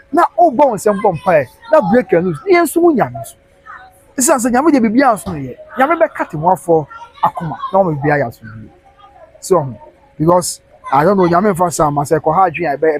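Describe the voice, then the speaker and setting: Fast-talking husky man. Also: fairly high pitch, poor audio. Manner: animated, preachy, mixes Twi and English. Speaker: live stream host. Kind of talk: live news commentary with preaching.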